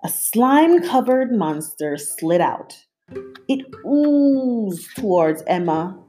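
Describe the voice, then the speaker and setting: A woman reads a picture book aloud, slow and expressive, her pitch rising and falling widely. Soft guitar plays faintly under her voice. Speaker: storyteller.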